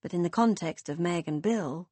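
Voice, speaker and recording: A woman narrating an audiobook in a measured, expressive reading. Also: on the low side, slightly rough, dry recording.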